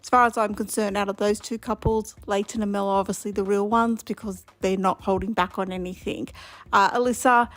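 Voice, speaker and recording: A woman's voice: mid-range voice, no echo. A woman leaves a blunt, dismissive voice message about a TV show. The recording is dry and close, with no room sound. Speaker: viewer sending a voice message.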